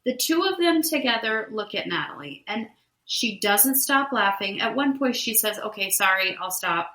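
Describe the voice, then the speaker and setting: A woman's voice: on the high side, expressive, normal speed, fairly bright tone, reverberant, rough recording. A woman co-hosting a casual podcast, retelling a reality show episode step by step with frequent "um"s and "right?". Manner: recaps events step by step with many "um"s and "right?". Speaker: podcast co-host.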